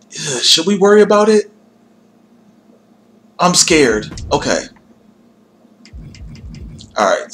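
Here the livestreamer has a mid-range, slightly bright voice, with some background noise. He's building a game character and chatting casually to his audience, self-deprecating and reassuring himself as he goes.

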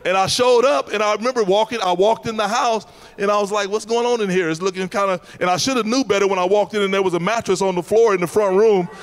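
A male American pastor preaching a sermon, telling a personal story with laughs and shouted emphasis. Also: sits high, quick pace. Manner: animated testimony, laughing, rising to shouts.

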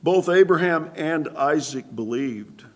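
A man pastor giving a sermon-style Bible study in a church, halting with fillers and asking the congregation questions. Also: fairly high pitch, lively intonation, a little mellow. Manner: halting, many fillers and restarts.

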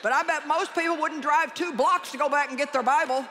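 An older woman preaching a humorous conference sermon, animated and joking as she acts out little prayers and conversations. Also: high-pitched, fairly quick, a crowd in the background, background noise.

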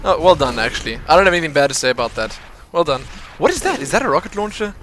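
A man casually commentating his own online shooter match, excitable and chatty, laughing often and calling out to teammates. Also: fairly high pitch, racing. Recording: noisy game audio under the voice.

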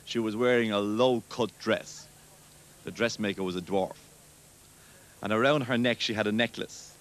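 A man's voice: fairly low pitch, fairly even intonation, normal speed, a bit bright. A man telling cheeky stand-up jokes with a boastful delivery. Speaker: comedian.

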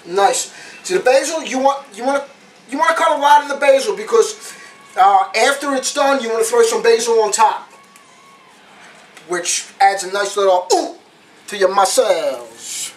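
A man's voice: extremely high pitch, slight background noise. A man hosting a casual cooking demonstration, chatty and repeating his phrases with street slang. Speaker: home cooking show host.

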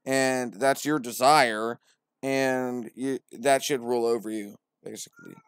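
A man doing a comedic scripture retelling in a profane, slangy, wry way, full of hesitant restarts. He talks slowly at a middling pitch, and his voice is recorded close and dry. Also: steady tone, clean tone, dry recording.

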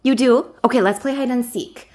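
A mom in her thirties, featured in family kids' videos, pretends with her child and fusses over her like a mother with a baby, using an exaggerated sing-song. Her fairly high voice is a little mellow and moves at a moderate pace.

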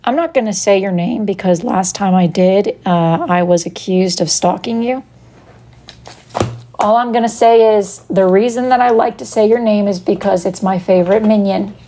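A live-stream host presents her wood-burned crafts, reading the joke slogans aloud with a playful air and teasing viewers by name. She has a warm, medium-pitched voice at normal speed, with slight background noise.

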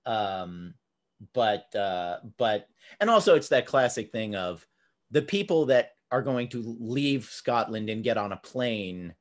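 A man hosting a podcast, chatting casually and telling stories with quick laughs. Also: on the low side, expressive. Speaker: podcast host. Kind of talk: casual chat.

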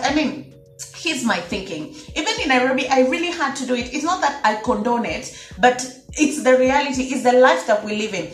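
A woman's voice: sits high, expressive, brisk, reverberant, soft background music. A woman from Kenya talking casually to camera in an opinion vlog, emphatic and repeating her points to her viewers. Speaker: vlogger.

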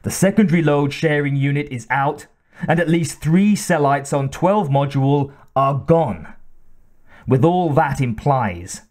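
A man's voice: on the high side, lively intonation, measured pace, a little mellow. A man voicing a weary, blunt male ship engineer who reports damage in a tired, matter-of-fact way.

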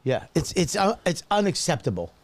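Animated ranting man. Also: a little high, brisk. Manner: loud, animated ranting with bursts of laughter. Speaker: podcast co-host. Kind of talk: comedic banter.

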